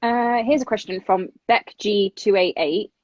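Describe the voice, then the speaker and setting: A woman's voice: medium pitch, dry recording. Chatty English woman on lo-fi phone audio. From England. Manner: chatty, laughing, brisk. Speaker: actress reading fan questions. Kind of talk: casual live-stream chat.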